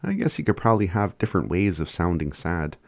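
A man giving a casual language lesson, laid-back and chuckling often as he spells words out slowly. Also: low-pitched, sing-song, darkish tone, no room sound. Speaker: language teacher.

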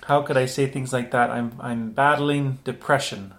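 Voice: medium pitch, steady tone, normal speed. Playful radio host learning phrases. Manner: playful, keeps asking how to say phrases. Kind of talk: radio language lesson.

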